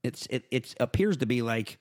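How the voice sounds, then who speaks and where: A man reads joke reviews to his friends in a deadpan voice. The sound is dry and close, with no room around it. It is casual group talk. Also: medium pitch, moderate pace, dry recording. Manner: deadpan reading, breaks into laughter. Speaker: host reading funny product reviews. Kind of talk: casual group chat, reading aloud.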